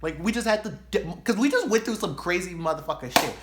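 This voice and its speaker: A man's voice: high-pitched, quick pace, background noise. A young man vlogging a storytime, talking casually and profanely, acting out the people in his story. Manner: animated, profane storytelling with acted quotes. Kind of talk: storytime vlog.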